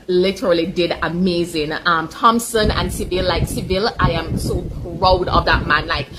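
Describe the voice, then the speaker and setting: A woman from Jamaica giving an emotional, chatty sports reaction full of "like" and quick laughs. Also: fairly low pitch, fairly bright tone, a little hiss or hum. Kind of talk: casual chat.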